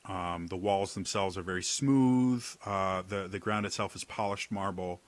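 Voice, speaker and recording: A man narrating as game master, describing scenes slowly with many fillers. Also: sits low, steady tone. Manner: unhurried, filler-heavy, descriptive.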